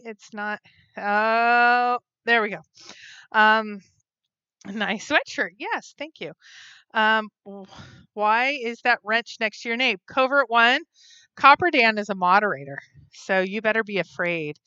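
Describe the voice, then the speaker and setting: A chatty woman hosts a casual live stream, giggling and saying um a lot as she reads viewers' comments aloud. Her voice sits a little high and comes across bright and clear. The dry sound has a slightly dull, lo-fi edge from the phone or webcam mic. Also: slow pace, no echo. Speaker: vlog host reading live chat.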